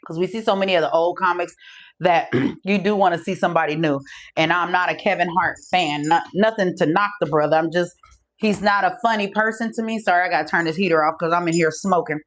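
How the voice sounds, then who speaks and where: A woman's voice: fairly low pitch, a little fast. A middle-aged woman hosting a podcast, telling stories in a casual, profane style, acting out the other people's voices, from a room at home. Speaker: podcast host. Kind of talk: casual storytelling monologue.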